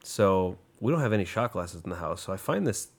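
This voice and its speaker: A young man in easy casual chat, relaxed as he starts a story of his own. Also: sits low, brisk.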